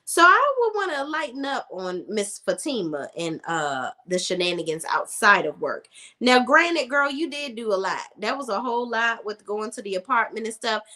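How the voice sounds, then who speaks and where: A woman's voice: on the high side, sing-song, moderate pace, bright, forceful tone. A young woman recapping a TV episode in a casual, sassy, emphatic way, repeating words for emphasis. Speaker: TV show reviewer.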